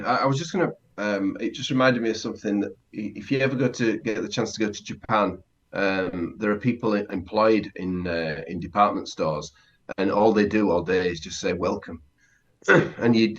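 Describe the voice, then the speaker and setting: A man's voice: on the low side, highs cut off. A man co-hosting a casual podcast lesson as the learner, curious and hesitant, often restarting sentences. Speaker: co-host and learner.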